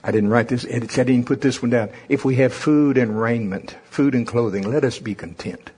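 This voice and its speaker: A pastor delivering a sermon with impassioned, rising-and-falling preaching. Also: male voice, medium pitch, moderate pace, darkish tone, husky.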